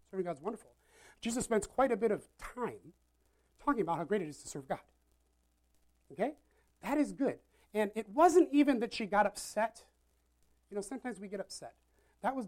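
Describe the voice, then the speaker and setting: A woman preaching a sermon in a casual, animated, conversational way, often checking in with "right?". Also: medium pitch.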